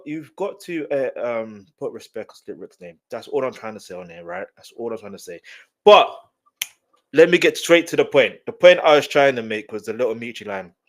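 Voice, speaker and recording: A man from South London with a South London accent, chatting loosely on a reaction live stream, animated and rambling, repeating his phrases. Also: medium pitch. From South London, England.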